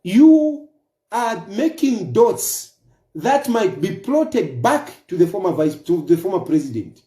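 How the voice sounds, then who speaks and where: A man's voice: high-pitched, sing-song, slow pace, warm tone, roomy sound. A man with a Zambian accent giving a political commentary monologue, emphatic, repeating his points and firing off rhetorical questions. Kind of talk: opinion monologue.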